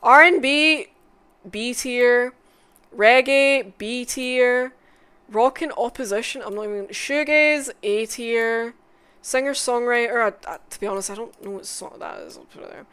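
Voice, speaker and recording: A woman making a casual music tier list, swearing often, mumbling asides and bursting into loud excited outbursts. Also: fairly high pitch, a little slow, clear, resonant tone. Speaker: content creator.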